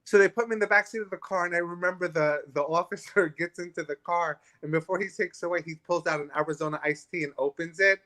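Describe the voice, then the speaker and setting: An animated man in his thirties tells a personal story as a guest in a restaurant and acts out the people in it. His voice sits a little high. It has a bright edge. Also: quick pace, few pauses. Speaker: guest author. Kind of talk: candid storytelling.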